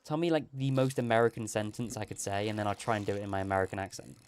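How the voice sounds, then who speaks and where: A man's voice: on the low side, steady tone, very fast, a little hiss or hum. A man live-streaming a video game, chatting casually and rambling while reading chat. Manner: rambling, chatty, laughs often, reads out chat.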